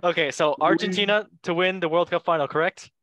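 A man's voice: sits high, brisk, fairly bright tone, no room sound. Playful young man hosting football picks. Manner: playful, laughs often, goofy asides. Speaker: podcast host. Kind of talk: casual football chat.

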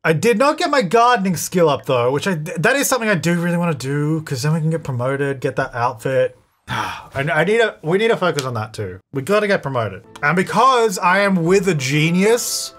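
Male let's-play host with a slightly high, bouncy voice; chatty, excitable, talks back to the characters. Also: fairly quick, faint music behind. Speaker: gaming channel host. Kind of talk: casual gameplay commentary.

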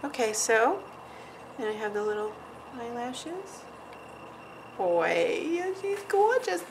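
In a nail art tutorial, a woman host chats casually and giggles while she paints, often trailing off mid-sentence as she focuses. Her voice is slightly high and animated, and she speaks slowly over a noisy background. She is a nail artist who runs the channel.

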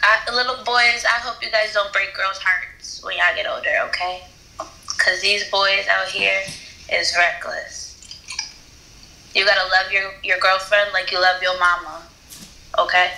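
A woman's voice: mid-range voice, steady tone, unhurried, creaky, sharp tone, echoey room, low-quality recording. A woman from New York on a video-chat app, giving earnest, motherly advice in casual banter. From New York, USA. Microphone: phone on a video-chat app.

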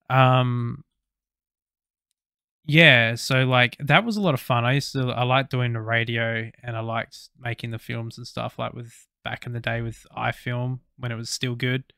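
Bright, crisp-voiced Australian man chatting. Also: mid-range voice, no room sound, studio quality. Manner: rambling, swears casually, lots of fillers. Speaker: podcast co-host. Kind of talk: casual chat.

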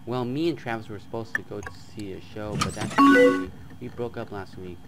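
A man playing a chat game on his channel, reading the messages aloud in a flat tone and breaking into loud, excited outbursts. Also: on the low side, a little fast, loud music behind the voice. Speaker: gaming YouTuber. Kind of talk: let's play commentary, reading chat aloud.

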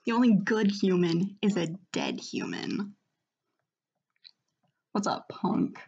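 A fierce, hot-tempered fish warrior, acted by a woman, talking tough and threatening. Her lines are slow and forceful. The recording is a bit dull and lo-fi. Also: medium pitch, wildly swooping pitch, vocal fry, slightly rough, full character voice. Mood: menacing.

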